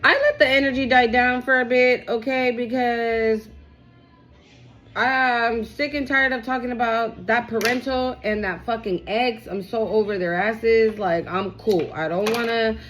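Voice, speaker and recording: A woman's voice: on the high side, steady tone, unhurried, fairly bright tone. Casual profane woman reading tarot. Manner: casual, profane, repeats "okay?" often. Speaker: tarot reader.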